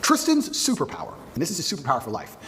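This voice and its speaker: A man as a podcast guest, telling a story in an animated way, laughing as he goes. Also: fairly high pitch, rapid-fire, a little hiss or hum. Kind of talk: storytelling in an interview.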